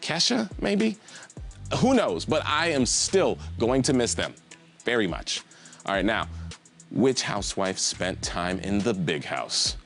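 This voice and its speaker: A man's voice: fairly low pitch, takes it slowly, creaky, faint music behind. A man hosting a live trivia game show, reading questions and cracking goofy jokes between them. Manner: jokey, animated, goofy asides.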